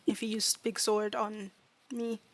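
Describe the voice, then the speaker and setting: A woman voicing a small, timid fairy student who speaks in broken, halting grammar and often drops to a whisper. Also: medium pitch, little pitch movement, a crowd in the background, natural voice. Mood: matter-of-fact. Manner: broken grammar, dropped articles, hesitant. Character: tiny timid fairy student, earnest, new to language. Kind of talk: tabletop role-play.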